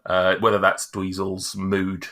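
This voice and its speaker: A man narrating as game master, halting and full of fillers. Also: low-pitched, monotone, pushed and bright.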